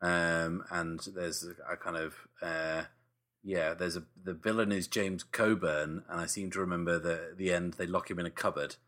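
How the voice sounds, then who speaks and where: A man with a very low, deep voice, chatting casually about films. He laughs easily and often lets his sentences trail off. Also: little pitch movement, moderate pace, fairly bright tone. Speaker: podcast co-host. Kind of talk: casual film chat.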